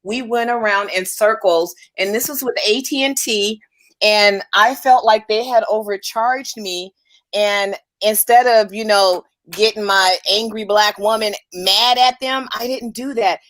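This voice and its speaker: A woman's voice: mid-range voice, unhurried, fairly bright tone, no echo. A woman in a casual livestream chat, telling a candid, wry story.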